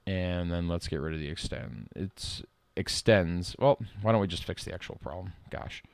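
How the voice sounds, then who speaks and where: A middle-aged man streaming live code work, reading lines aloud and thinking out loud in a casual way. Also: deep voice, normal speed, gravelly, smooth, dry recording. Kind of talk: casual live-coding commentary.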